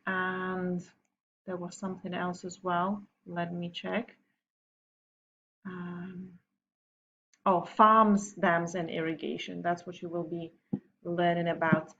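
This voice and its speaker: Gentle teacher on a muffled recording. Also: female voice, fairly low pitch, flat delivery, a little hiss or hum. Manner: gentle, unhurried, with frequent ums. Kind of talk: recorded morning message and storybook reading for pupils. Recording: dull lo-fi recording.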